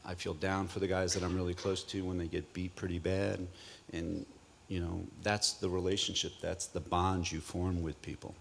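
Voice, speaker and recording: A middle-aged man, a casino host executive, being interviewed on stage, telling anecdotes in a relaxed, chatty way. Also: low-pitched, moderate pace, vocal fry, a little hiss or hum. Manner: relaxed storytelling, animated in anecdotes.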